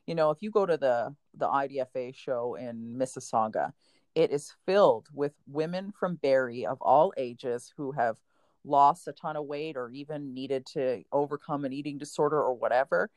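A woman's voice: rumbling low, moderate pace, darkish tone, no room sound. A woman, a competition coach, telling a heartfelt story as a guest and close to tears.

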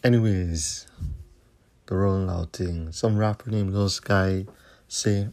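A man's voice: deep voice, steady tone, takes it slowly, a little mellow. A man, hosting a podcast and delivering a profane, confrontational solo rant. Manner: profane, confrontational ranting with repeated tag questions. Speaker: podcast host.

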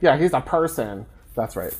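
A man's voice: medium pitch, expressive, moderate pace, breathy edge. Man rambling through a film recap. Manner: rambling, lots of fillers and restarts. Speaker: podcast co-host. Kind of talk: casual chat recapping a film.

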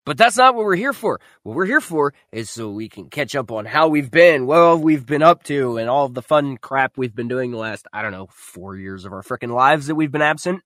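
A man's voice: mid-range voice, lively intonation, moderate pace, few pauses, a bit bright, dry recording, clean studio sound. A man co-hosting a gaming podcast, chatting casually in a joking, blunt and easygoing way. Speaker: podcast co-host. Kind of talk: casual chat.

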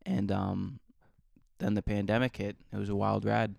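A man with a lowish, gravelly voice co-hosts a casual podcast, dropping in short deadpan jokes. The recording is close and dry, with no room sound. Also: normal speed, no echo. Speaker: podcast co-host. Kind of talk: casual chat.

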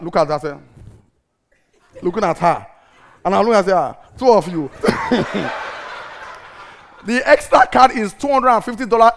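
Man, middle-aged pastor, comic sermon storytelling, high gravelly voice, lively pitch swings. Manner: animated, laughing storyteller who acts out his anger.

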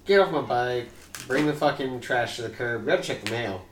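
A man's voice: medium pitch, expressive, normal speed. A young man co-hosting a casual, crude podcast from home, joking and swearing as he tells stories. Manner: jokey storyteller, swears freely. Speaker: podcast co-host. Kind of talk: casual chat, crude banter. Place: home room. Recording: echoey room, faint hiss.

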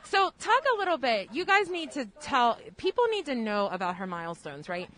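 A woman hosting a podcast, upbeat and quick to laugh while asking guests questions. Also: fairly high pitch, very animated, fairly bright tone. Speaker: podcast host. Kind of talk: casual interview.

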